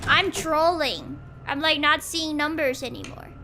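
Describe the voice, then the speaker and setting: Very high-pitched, slow-talking streamer woman. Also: slight background noise. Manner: squealing, shouting and laughing with joy. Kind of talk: excited live-stream gaming chat.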